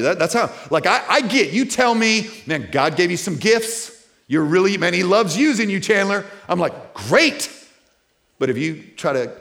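This thirty-something man is preaching as a pastor, his talk relaxed and full of false starts and repeated words until it climbs into loud, forceful peaks. He has a lowish voice.

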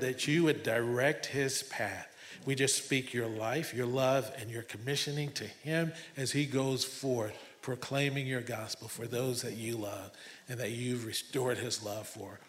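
A man's voice: medium pitch, steady tone, a little slow. A man leading an earnest commissioning prayer in a church service. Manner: fervent, earnest praying. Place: church sanctuary.

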